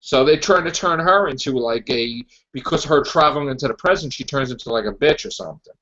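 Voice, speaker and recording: A man's voice: medium pitch, expressive, fast, a bit bright. A man hosting a podcast, ranting casually and animatedly, laughing and stumbling over restarts. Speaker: podcast host. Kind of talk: casual comic-book rant. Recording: lo-fi, muffled.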